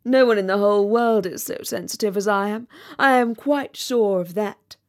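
Reading a storybook aloud, a woman with a medium-pitched voice at normal speed gives a lightly acted performance. She voices a conceited, pompous male firework rocket, sounding haughty, self-important, and dramatic.

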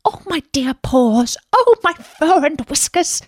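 Fussy anxious white rabbit, high fretful muttering, storybook, woman doing it. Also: very animated, slow pace, no echo, studio quality, exaggerated voice.

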